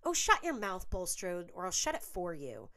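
A woman voicing a quarrelsome, defensive teenage schoolgirl in a raised, loud voice. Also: lowish voice, wildly swooping pitch, normal speed, voice pushed up, full character voice.

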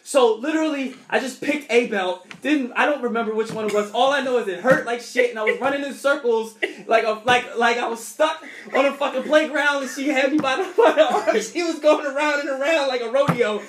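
A man's voice: extremely high pitch, a little fast, few pauses, a bit bright, reverberant. A young man casually telling a story from his childhood, rambling and restarting his sentences often.

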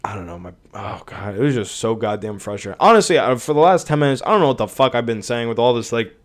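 A man's voice: mid-range voice, expressive, quick pace. A young man hosting a podcast, ranting in a rambling, profane, exasperated way. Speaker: podcast host. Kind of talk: casual rant.

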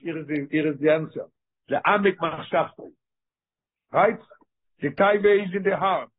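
A Torah teacher leads a text study lesson, reading passages in Hebrew quickly, then slowing down to explain them in English with Yiddish-inflected terms. His voice is on the high side, and the audio sounds like a tinny phone line.

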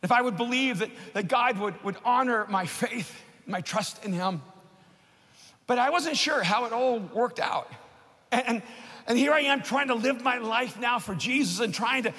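High, bright-voiced impassioned male preacher. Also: moderate pace, husky. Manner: impassioned, building to shouts. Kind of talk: sermon with personal story. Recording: long hall reverb.

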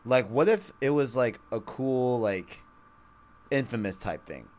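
A man co-hosting a casual gaming podcast, rambling and excitable, filling his talk with "like" and "you know". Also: mid-range voice, measured pace. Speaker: podcast co-host. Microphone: studio microphone.

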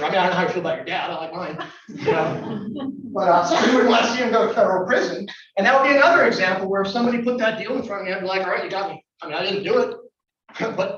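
A man's voice: high voice, a bit bright, a little hiss or hum. A man, a lawyer, giving a conversational, wry talk to a live audience and putting questions to them. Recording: echoey room from far off, dull sound.

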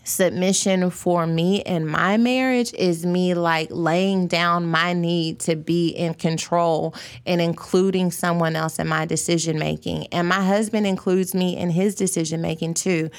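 Chatty woman host, lowish voice. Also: steady tone, measured pace. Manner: chatty, thinks aloud with frequent fillers. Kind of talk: live-stream chat with viewers.

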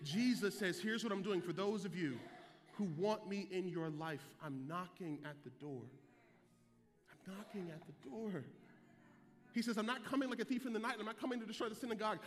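Man, pastor, sermon, high voice, ringing church reverb. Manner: builds from quiet, low teaching to shouted preaching. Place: church sanctuary.

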